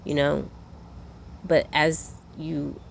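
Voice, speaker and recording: Gravelly woman musing on spiritual rest. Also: deep voice, little pitch movement, drawn-out words, a little hiss or hum. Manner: meandering, repeats herself, restarts phrases; earnest, occasionally blunt and profane. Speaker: spiritual vlogger. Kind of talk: unscripted spiritual reflection.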